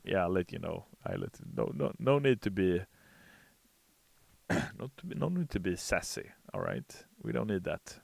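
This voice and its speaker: A man in a sleepy, relaxed live-stream chat, answering viewers with many hesitations and reading their messages aloud. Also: low-pitched, moderate pace, gravelly, no room sound. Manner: reads chat messages aloud in a brighter, louder voice; relaxed, hesitant with frequent uh fillers.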